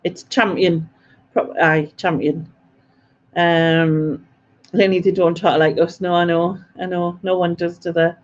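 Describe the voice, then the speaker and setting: Woman, unhurried quiz host, dull lo-fi stream sound, chatty and giggly. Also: lowish voice, level tone, darkish tone. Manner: chatty and self-mocking, laughs often. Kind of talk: live-stream quiz chat, reading out viewer comments.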